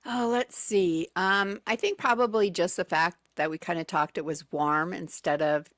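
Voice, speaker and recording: A woman's voice: lowish voice, steady tone, moderate pace, fairly bright tone, no echo, studio quality. A woman telling travel stories as a guest on a radio show, chatty and full of fillers and restarts. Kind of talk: casual radio chat. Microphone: studio microphone.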